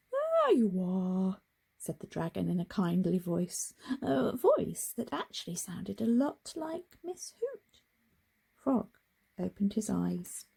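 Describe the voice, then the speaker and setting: A woman reading a picture book aloud to children in a very expressive way, with gasps and hushed whispers. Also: on the high side, gravelly, husky. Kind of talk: children's storybook read-aloud.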